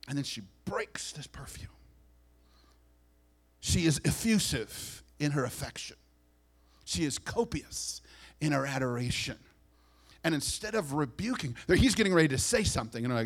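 A man preaching as pastor, animated, acting out quick voices and dropping to soft asides. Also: mid-range voice, breathy edge. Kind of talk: sermon.

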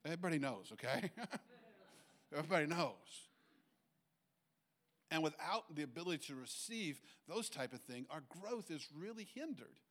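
Chatty, halting middle-aged male preacher. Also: a little high, expressive, a bit bright. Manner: conversational, halting restarts, acts out quotes. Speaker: pastor. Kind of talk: sermon.

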